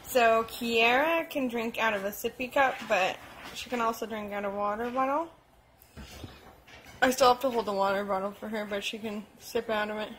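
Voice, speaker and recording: A woman's voice: a little high, steady tone, normal speed, fairly bright tone. A young woman and mother chatting casually at home in a vlog, often cooing at her baby in a sing-song voice. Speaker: vlogger, mother. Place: home, indoors. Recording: noisy home video audio.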